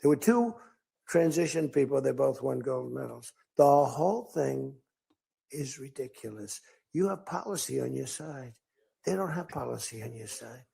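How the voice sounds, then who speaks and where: An older man delivers a rambling, off-script speech to a crowd, telling stories and performing quoted lines in other voices. He's a political speaker with a mid-range, expressive voice at normal speed, mellow and slightly rough with vocal fry.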